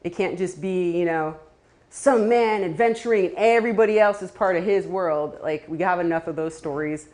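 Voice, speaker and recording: A woman's voice: fairly low pitch, moderate pace, darkish tone. A woman giving a casual talk to a live audience, chatty, with laughing asides and many fillers. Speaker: community speaker.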